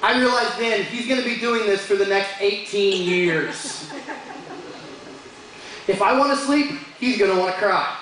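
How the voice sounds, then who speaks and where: On a bar stage, a man performs a stand-up set of joking stories about his kids, doing funny voices for them. His voice is high and measured, with noisy background, and the bar room is very echoey with crowd ambience.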